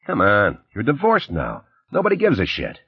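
A man's voice: on the low side, wildly swooping pitch, moderate pace, creaky, husky, dry recording, heavily acted. A man voicing a blunt, teasing male police lieutenant in an audiobook. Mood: brash teasing. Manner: brash, teasing. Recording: slightly dull, dry recording.

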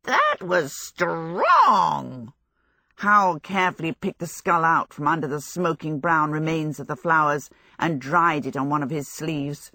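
Lower-voiced woman narrating a storybook. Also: no echo. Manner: expressive, measured storytelling. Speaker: audiobook narrator.

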